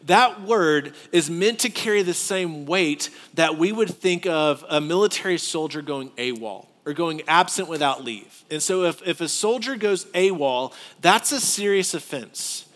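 A man preaching a sermon as pastor, talking in an animated, conversational way full of rhetorical asides. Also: high-pitched, long reverb tail.

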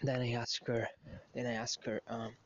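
A man's voice: mid-range voice, monotone, normal speed. Brief: male vlogger, casual storytelling, restarts often, dull lo-fi recording, faint background noise. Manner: rambling, with frequent restarts and asides. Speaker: vlogger telling a dating story.

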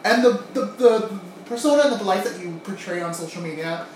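A woman chats casually as a co-host, blunt, teasing and quick to joke. Her voice comes from a little way off the mic in a very echoey room, with a faint hiss behind. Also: medium pitch, darkish tone, recorded from a distance. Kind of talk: casual chat.

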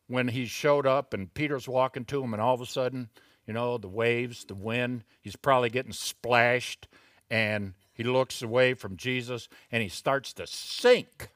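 Middle-aged male preacher, deliberate pace, bright forceful voice, chatty asides with emphatic peaks. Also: dry recording, clean studio sound. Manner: slow, deliberate delivery with sudden loud, high emphatic bursts; conversational asides and chuckles. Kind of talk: expository sermon.

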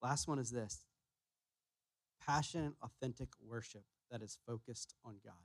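A man preaching a sermon as pastor, emphatic, repeating his key phrases and pushing louder on each point. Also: medium pitch, normal speed, no room sound. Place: church sanctuary.

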